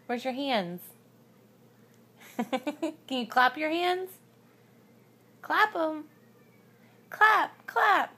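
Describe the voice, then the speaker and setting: A woman's voice: high-pitched, expressive, very slow, pauses often, sharp tone. A mother coaxing her toddler in baby talk, sing-song and often laughing.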